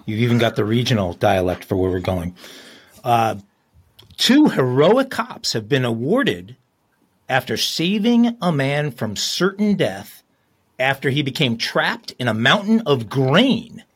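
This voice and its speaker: A man's voice: medium pitch, sing-song, a little slow, husky. A man co-hosting a crime podcast, reading news stories aloud with chatty, self-deprecating asides. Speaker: podcast co-host.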